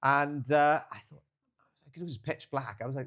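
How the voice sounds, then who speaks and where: A young man co-hosting a podcast, his voice sitting at a middling pitch. He tells long, rambling travel stories in a loose, casual way, full of fillers and swearing. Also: fairly quick, a bit bright. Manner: rambling storyteller, swears freely, filler-heavy. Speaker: podcast co-host. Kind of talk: casual chat.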